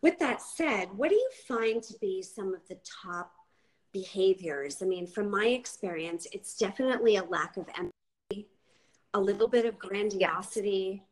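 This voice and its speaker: A woman's voice: medium pitch, expressive, rough recording. Thoughtful woman podcast host. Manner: thoughtful, slow and searching, with fillers. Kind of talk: interview hosting.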